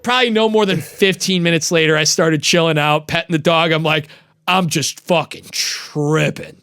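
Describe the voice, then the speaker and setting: A young man with a voice a touch higher than most, telling a story in loose, casual talk. He swears often and gets animated as he goes. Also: fairly quick, clean tone. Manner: animated, profane, laughing storyteller. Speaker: podcast guest.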